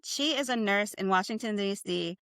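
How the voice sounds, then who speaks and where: A woman's voice: medium pitch, normal speed, fairly bright tone, clear, resonant tone, no room sound, clean studio sound. A woman whose first language is Spanish, teaching a live online class in English and coaching her students with upbeat encouragement.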